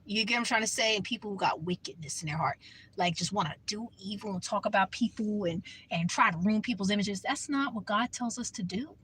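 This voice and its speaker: A woman's voice: medium pitch, brisk, a bit bright, slight background noise, rough recording. A woman vlogging from her parked car, talking earnestly in a rambling way and often repeating herself. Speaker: Christian vlogger. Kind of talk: casual talk to camera.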